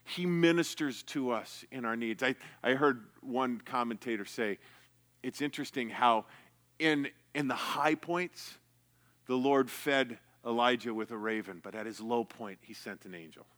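A man's voice: medium pitch, unhurried, a bit bright. A man preaching a sermon in a conversational way, reading scripture and repeating himself as he explains. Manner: conversational preaching with repetitions and asides. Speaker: pastor.

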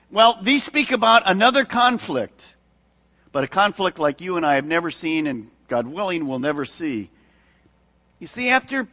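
A male pastor preaching a sermon, animated and acting out the voices of people he quotes. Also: sits high. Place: church sanctuary. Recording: long hall reverb.

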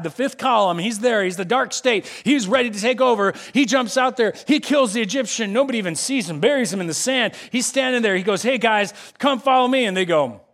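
A man delivers a lively sermon, his voice sitting fairly high for a man. He swings into the voices of the people he quotes as he preaches. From United States. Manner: animated, acts out quoted voices. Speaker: pastor.

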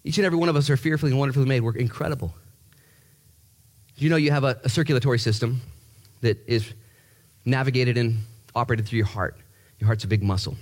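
A man preaching a sermon in a lively, joking way, repeating words and jumping up in pitch to stress a point. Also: fast. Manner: animated, jokey, repeats himself, voice jumps high for emphasis. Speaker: pastor.

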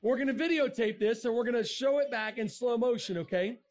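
A man giving a jokey, animated talk to an audience, breaking into sudden shouts. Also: extremely high pitch, brisk. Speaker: speaker. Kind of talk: comic science-and-faith talk to a crowd.

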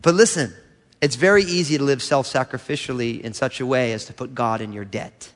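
A middle-aged male pastor delivering an animated sermon, acting out the voices of churchgoers as he preaches in a church hall. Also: medium pitch, brisk.

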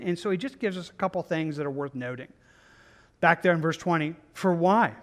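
A man's voice: high voice, fairly bright tone. A man preaching a Bible study sermon in an easygoing, conversational way, often repeating himself and restarting his sentences. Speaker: pastor.

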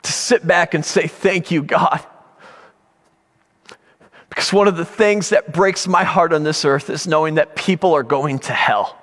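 A middle-aged man preaching a sermon, telling a personal story with passion, dropping to a hush and then rising to shouts. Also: fairly high pitch, measured pace, long reverb tail. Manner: impassioned storytelling, swings from hushed to shouting. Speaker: pastor.

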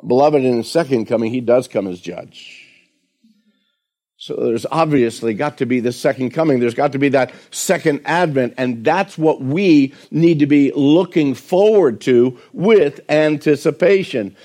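A male pastor preaching a sermon, earnest and full of questions to his listeners, slowing and softening when he recites hymn lines. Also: on the high side.

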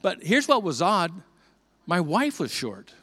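A man's voice: high voice, wildly swooping pitch, unhurried, a bit bright, husky. Earnest preaching older man. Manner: earnest, conversational preaching with repeated restarts. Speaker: pastor. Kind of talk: sermon.

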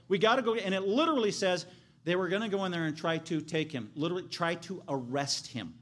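Male pastor, sermon delivery, emphatic, slightly high pitch. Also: very animated, brisk. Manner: emphatic preaching, shouts for emphasis.

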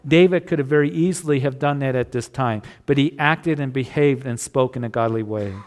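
A man's voice: mid-range voice, fairly quick, a little mellow. A man preaching a sermon as pastor, earnest and conversational, with occasional restarts.

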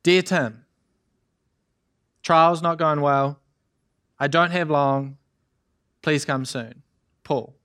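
A young man voicing the apostle Paul as an older mentor, speaking slowly and emphatically to encourage his protégé. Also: a little high, fairly even intonation, a bit bright, clear, resonant tone, voice pushed down. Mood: weary. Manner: slow, emphatic, rousing. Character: the apostle Paul, elderly male mentor, fervent.

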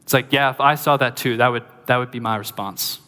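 Bright-voiced preacher in a reverberant hall. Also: male voice, medium pitch, fairly quick. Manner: lively, conversational preaching with asides. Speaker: pastor. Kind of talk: sermon.

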